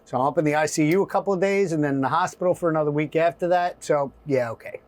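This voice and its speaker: A middle-aged man telling a story in an interview, animated and acting out voices and asides. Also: a little high, fast talker. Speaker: guest.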